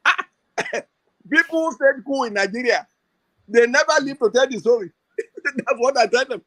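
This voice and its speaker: A very high-voiced man chats through his talk-show commentary. His delivery is loose and joking. He drops in laughing asides as he goes. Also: normal speed, a bit bright, low-quality recording.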